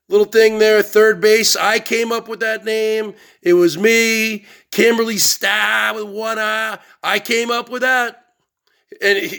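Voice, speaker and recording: A man's voice: high voice, sharp tone. A middle-aged man hosting his own show, ranting in a boastful livestream monologue and often asking "okay?". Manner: boastful, repeats "okay?" and "I came up with that". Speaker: show host.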